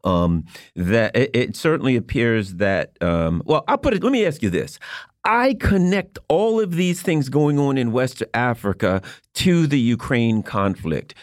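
A man hosting a talk show, asking questions in a halting way with many restarts and fillers. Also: mid-range voice, lively intonation, no echo, studio quality. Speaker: radio show host. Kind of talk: interview questions.

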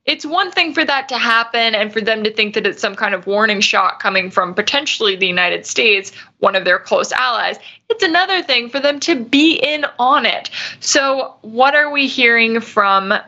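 A woman's voice: a little high, normal speed, hardly any pauses, bright, forceful tone, muffled recording. A woman hosting a news commentary show, arguing her points through hypotheticals and rhetorical questions. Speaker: radio news host.

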